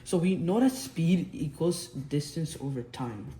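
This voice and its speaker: His voice is a bit high, expressive and warm, and he doesn't rush. This young man is casually tutoring physics at a whiteboard while drawing, restarting and correcting himself often, in a roomy space with faint background noise.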